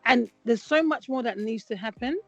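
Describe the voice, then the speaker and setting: A woman, co-hosting a casual chat and telling stories with lively acted-out quotes. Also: on the high side, moderate pace, no echo. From Britain. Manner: animated storytelling, acts out quotes. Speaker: podcast co-host. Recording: dull lo-fi sound with faint music.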